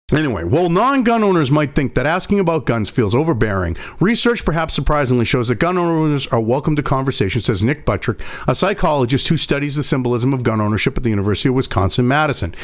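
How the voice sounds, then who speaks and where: Furious profane man ranting. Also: a little high. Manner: angry, profane, sneering rant. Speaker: commentator. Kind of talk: ranting commentary reading an article.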